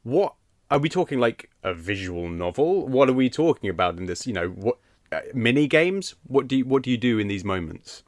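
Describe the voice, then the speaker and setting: A man's voice: mid-range voice, very animated, a little fast, no room sound, clean studio sound. A man hosting a podcast, asking loose, hesitant questions with frequent laughs. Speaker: podcast host interviewing. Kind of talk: casual comedic podcast chat.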